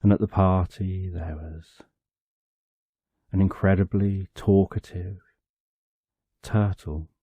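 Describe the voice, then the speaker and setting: A man narrating a bedtime story for sleep, calm and drawn out, in short phrases with long pauses. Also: sits low, slightly rough, no room sound.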